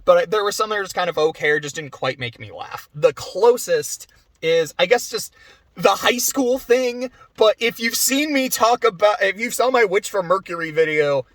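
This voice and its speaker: A man's voice: sits high, expressive, moderate pace, a bit bright, no room sound. A man giving a casual, rambling movie review, chatty with many fillers and frequent laughs.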